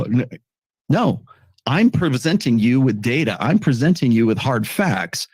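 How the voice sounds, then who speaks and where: A man gives argumentative video commentary in an earnest voice of middling pitch, laying out his case point by point. His voice sounds dry and close to the mic. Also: sing-song, measured pace, darkish tone, breathy edge, no echo.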